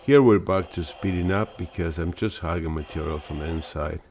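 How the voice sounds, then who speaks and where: A man hosting a woodturning channel, talking through his project in a relaxed, rambling voice-over with fillers. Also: low voice, fairly quick, slight background noise. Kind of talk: casual voice-over narration.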